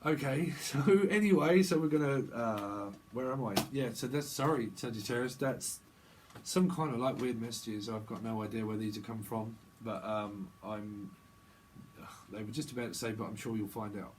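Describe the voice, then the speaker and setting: A man's voice: mid-range voice, normal speed, slight background noise, low-quality recording. A man doing a casual tarot reading vlog, rambling and slangy and often laughing. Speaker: tarot reader.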